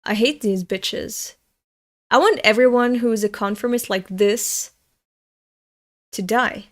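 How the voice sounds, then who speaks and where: A woman's voice: fairly high pitch, slow pace. A young woman from Europe, streaming as she reads a manga aloud, talking in a blunt, profane, angry rant. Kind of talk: live-stream reading with commentary.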